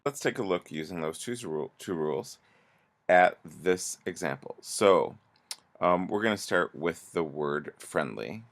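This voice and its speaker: A teacher with a very low, gravelly voice works through a grammar lesson, slowly and patiently. He is expressive, pausing often and restarting sentences as he explains each example.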